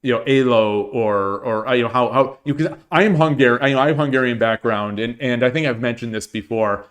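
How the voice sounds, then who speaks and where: A middle-aged man talks off the cuff on a livestream at a mid-range pitch. He rambles, restarts his sentences and leans on fillers as he goes. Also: a little fast, a bit bright. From United States. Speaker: streamer. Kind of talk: casual livestream chat.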